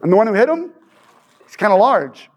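Male storyteller with a high voice. Animated and conversational, keeps asking "right?". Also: a little fast. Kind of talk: personal storytelling.

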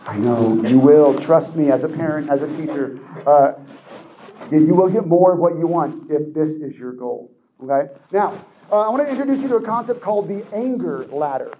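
A man giving a lively motivational talk to a young audience, acting out quoted voices and laughing often. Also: on the high side, a little fast, a little hiss or hum, low-quality recording. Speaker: speaker addressing teens.

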